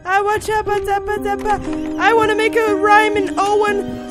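A woman's voice: very high-pitched, little pitch movement, normal speed. A young woman hosting a horror game let's play, jumpy, yelping and laughing nervously as she plays. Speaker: gaming video host. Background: game music.

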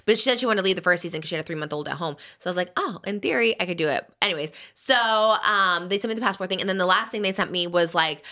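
A woman's voice: lowish voice, rapid-fire, hardly any pauses, pushed and bright. A young woman hosting a podcast, chatting animatedly and casually, full of filler words. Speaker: podcast host. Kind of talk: casual chat.

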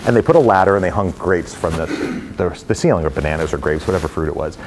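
A middle-aged man talking casually to a live audience of brokers, an energetic, rambling storyteller with many fillers. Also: deep voice, fast talker, background noise. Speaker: real estate executive speaking to brokers. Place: company headquarters event space.

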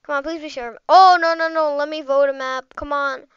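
A woman giving casual, excitable live commentary over her gameplay, rambling and chatty as she plays. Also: sits high, fairly quick, no room sound, highs cut off. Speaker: gaming channel host.

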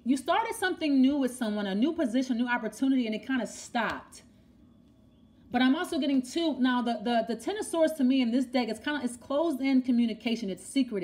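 A woman's voice: high voice, darkish tone. A woman giving a tarot reading in a rambling monologue, thinking aloud, repeating herself and asking the cards questions. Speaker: tarot reader.

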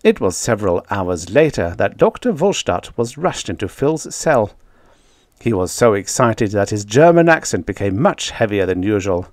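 A man reading a vintage science fiction story aloud as an audiobook narrator, in expressive storytelling. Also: lowish voice, moderate pace, dry recording. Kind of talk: scripted narration.

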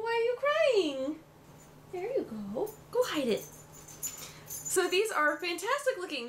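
A woman from the USA chatting through an excited unboxing at home, gushing with frequent gasps and exclamations. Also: a little high, slight background noise. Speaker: beauty vlogger. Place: home room with her dog nearby.

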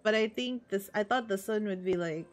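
Brief: young female streamer, mid-pitched, chatty, giggly, casual. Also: normal speed, faint music behind. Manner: chatty, laughs often, greets chat. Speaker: VTuber streamer. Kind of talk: casual game-stream chat.

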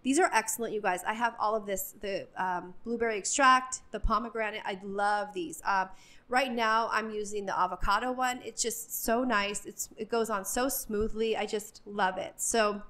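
A woman's voice: medium pitch, steady tone, moderate pace, fairly bright tone. A woman vlogging a casual store walk-through, chatty and enthusiastic, with lots of ums as she gushes over products. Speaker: shopping vlogger. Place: inside a retail store.

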